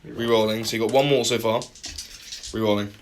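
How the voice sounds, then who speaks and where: A man playing and commentating a tabletop wargame, talking excitedly with loud bursts of cheering and groaning at dice rolls. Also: lowish voice, fairly quick, heavy background noise.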